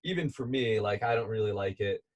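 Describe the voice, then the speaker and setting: A man telling a long outdoor story as a podcast guest, relaxed and chatty, laughing now and then. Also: lowish voice, brisk. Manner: animated, laughing as he tells a climbing story. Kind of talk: casual storytelling.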